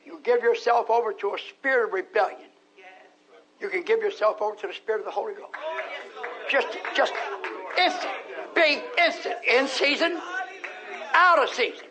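A man preaching a sermon to his congregation, scolding them and now and then rising to a shout. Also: very high-pitched, moderate pace, long pauses, crowd noise, low-quality recording. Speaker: pastor.

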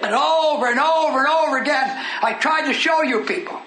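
An older man preaches in a strikingly high voice, folksy one moment and shouting with fervor the next. His sermon echoes through a hall, and a congregation murmurs behind him. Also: brisk, a crowd in the background. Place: church meeting hall.

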